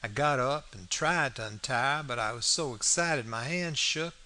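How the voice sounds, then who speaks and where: A man's voice: mid-range voice, normal speed, sharp tone. A man reading an audiobook aloud, in a folksy first-person storytelling manner with plain vernacular grammar. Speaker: audiobook narrator. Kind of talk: scripted narration.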